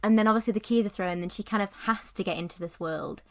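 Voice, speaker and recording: A young woman co-hosting a film podcast, talking in a chatty, giggly way. She keeps reaching for "like" and "kind of" as she thinks aloud. Her voice sits at an everyday middle pitch. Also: fast. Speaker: podcast co-host. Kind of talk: casual film review chat.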